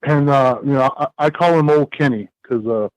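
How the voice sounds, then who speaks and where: A man of middle pitch rambles through a story with lots of "uh" and "you know," talking as a podcast guest. The sound is dry and close, with no room echo. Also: moderate pace, muffled recording. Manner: rambling, animated storytelling with many fillers and restarts. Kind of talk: casual storytelling in a podcast interview.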